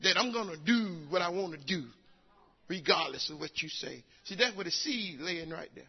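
Older man preaching, high lively voice, folksy storyteller, muffled echoey church recording. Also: normal speed, breathy edge. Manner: folksy storytelling with acted quotes, rising to shouts. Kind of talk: sermon.

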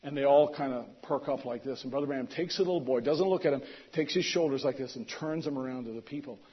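A male preacher telling a story in a sermon, swinging between loud emphasis and hushed asides. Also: mid-range voice, quick pace, slightly rough, dull audio.

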